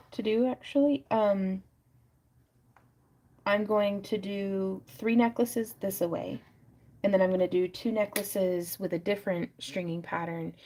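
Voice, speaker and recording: This woman's mid-range voice has a mellow quality. She runs a crafting livestream from her craft room, talking casually and thinking out loud with plenty of fillers while she works.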